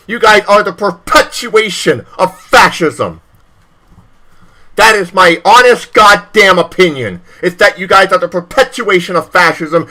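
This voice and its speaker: A man's voice: sits high, sharp tone, poor audio. A young man hosting a stream, ranting in a profane, repetitive way and reading aloud, stumbling over hard words. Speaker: stream host. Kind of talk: heated political rant and reading aloud.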